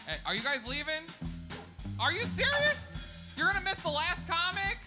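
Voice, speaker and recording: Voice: very high voice, wildly swooping pitch, moderate pace, over loud music. A host emceeing a comedy show on a club stage, hyped and bossy with the crowd.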